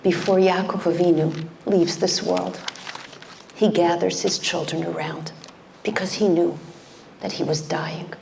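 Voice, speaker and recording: A middle-aged woman delivers a heartfelt sermon, unhurried and deliberate. Her low voice carries a gravelly edge, and she often sinks into a near whisper to drive a point home. A faint hiss sits under the recording. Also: fairly even intonation. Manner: impassioned, dropping to hushed whispers for emphasis. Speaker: speaker at a community event.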